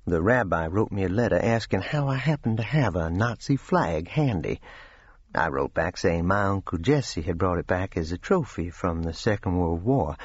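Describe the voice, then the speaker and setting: Male narrator as a composed Southern-gentleman storyteller, dry and amused, low husky voice, audiobook. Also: no room sound, highs cut off. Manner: calm, controlled, dryly amused. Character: calm, genteel older Southern gentleman storyteller.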